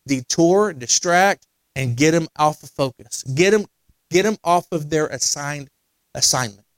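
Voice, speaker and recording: A man's voice: fairly high pitch, expressive, measured pace, no echo. A male pastor preaching a sermon, talking plainly with repeated words and restarts, then building to emphatic points. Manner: conversational preaching with repetitions and restarts, rising to emphatic. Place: church sanctuary.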